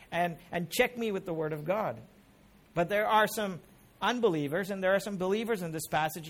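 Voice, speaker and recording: A middle-aged man preaching a sermon as pastor, emphatic, with rising questions put to the congregation. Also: sits high.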